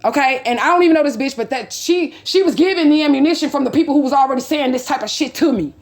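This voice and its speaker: A woman with a high, bright voice tells a personal grievance to her viewers in a fired-up, cursing way. She keeps quoting both sides of an argument and circles back to the same points. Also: fast. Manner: profane, heated, retells quarrel with quotes. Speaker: vlogger. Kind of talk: angry personal storytelling.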